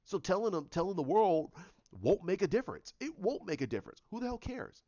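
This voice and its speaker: Man, ranting commentary, lively swooping pitch, dry close sound. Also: fairly quick, no room sound, highs cut off. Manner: animated, repeats himself, many restarts.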